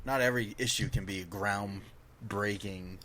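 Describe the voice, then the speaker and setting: A man's voice: on the low side, steady tone, unhurried, a bit bright. A man co-hosting a casual podcast chat, eagerly jumping in with questions and explanations. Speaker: podcast co-host.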